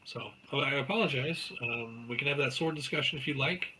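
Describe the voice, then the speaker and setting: A man's voice: mid-range voice, fairly quick, sharp tone, a little hiss or hum, low-quality recording. A man running a tabletop game as game master, narrating and answering players in a hesitant way as he searches for words.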